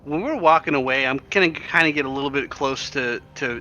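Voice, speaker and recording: A man's voice: medium pitch, fairly quick, bright, forceful tone, muffled recording, faint music behind. A man playing a tabletop role-playing game, speaking bluntly and grumbling in character. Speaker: player.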